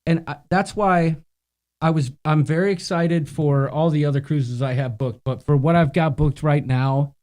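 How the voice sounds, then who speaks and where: A man's voice: a little high, steady tone, normal speed, darkish tone. A man co-hosting a live cruise show, chatting casually, telling stories and reading out viewer comments. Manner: chatty storyteller, reads viewer comments aloud. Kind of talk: casual live-stream chat.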